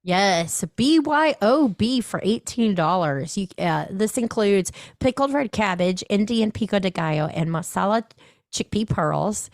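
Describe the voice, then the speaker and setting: A woman's voice: medium pitch, expressive, a little slow, no echo, studio quality. A woman hosting a podcast in casual chat, reading menu items aloud. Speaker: podcast host.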